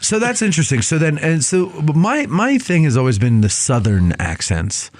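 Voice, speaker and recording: Male podcast host, playful, teasing, very lively pitch, dry close mic. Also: moderate pace, no room sound. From USA. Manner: playful and teasing, jumps into put-on voices. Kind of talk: casual chat.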